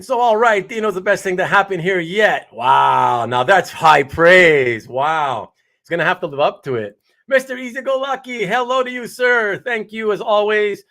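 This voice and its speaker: A man's voice: high-pitched, fairly bright tone. A man hosting a casual live stream who chats with viewers, reads their names aloud and laughs often. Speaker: host of a live comic art stream.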